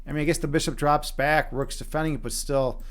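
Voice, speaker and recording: A man's voice: fairly high pitch, a little fast. A young man from Chicago with a Chicago accent, commentating live on his own chess games and swearing freely as he reads chat. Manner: animated, swearing, talks to chat while playing. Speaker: streamer.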